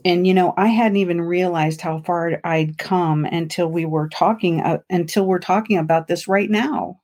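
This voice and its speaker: A woman with a somewhat low voice co-hosts a casual podcast chat. She tells her stories with bright enthusiasm and animated energy, laughing easily. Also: normal speed. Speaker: podcast co-host.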